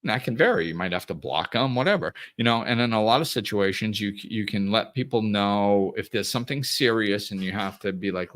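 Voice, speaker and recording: A man's voice: on the low side, a little fast, few pauses, a bit bright. A man hosting a podcast, talking through a casual monologue with restarts and chuckles. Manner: acts out angry callers in a raised voice. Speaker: podcast host.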